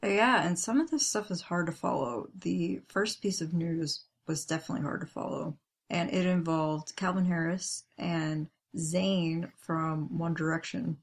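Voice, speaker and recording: Woman co-host, husky and gravelly, casual podcast chat, reads quotes aloud then reacts. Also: lowish voice, a little slow. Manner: reads tweets aloud, then comments with a laugh.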